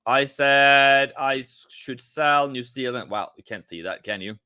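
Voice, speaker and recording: Jokey guy doing live trading commentary, slow easygoing delivery, dry close sound. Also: medium pitch, clean tone, dry recording. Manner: playful, jokey, breaks into excited chanting. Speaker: trading stream host.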